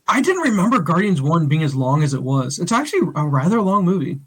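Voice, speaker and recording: Excitable high-voiced man telling a story. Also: fast, breathy edge. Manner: animated storyteller, laughs often, acts out voices; loud and excitable. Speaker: podcast co-host. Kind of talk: casual chat.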